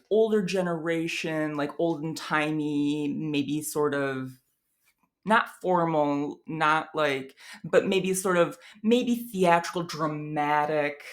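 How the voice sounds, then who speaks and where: A low-pitched woman talks through a language lesson in a relaxed, chatty way. She often restarts her sentences and fills pauses, then sounds out her examples slowly and with care. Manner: chatty, with many fillers and restarts; models examples in an over-careful voice. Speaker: language teacher. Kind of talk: casual explanatory lesson.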